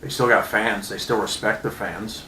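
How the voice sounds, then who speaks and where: A man in his thirties ranting angrily as a sports fan, profane and sarcastic, with loud outbursts. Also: fairly low pitch, fairly even intonation, normal speed, reverberant, slight background noise, low-quality recording. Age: 30s. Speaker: vlogger. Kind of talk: angry sports fan rant.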